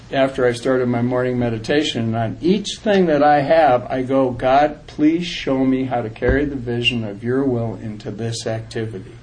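A man's voice: medium pitch, a little mellow, a little hiss or hum. A man giving an earnest, plain-spoken recovery talk to a group, emphatic and direct. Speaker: recovery speaker.

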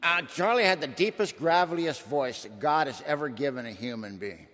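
A man's voice: a little high, expressive, moderate pace, fairly bright tone. A man giving a dramatic, folksy recovery testimony to a meeting. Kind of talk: personal testimony storytelling. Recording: long hall reverb.

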